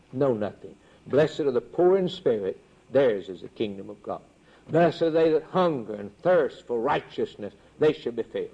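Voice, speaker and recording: A man preaching a sermon with a rhythmic, repetitive cadence and sudden swings in pitch. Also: warm tone. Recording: dull lo-fi recording.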